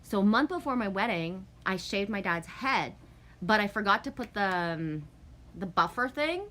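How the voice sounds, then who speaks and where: With a medium-pitched voice and moderate pace, a woman in her forties hosts a casual livestream. She reads viewer comments aloud and wanders through lively stories, swearing and acting out quotes along the way.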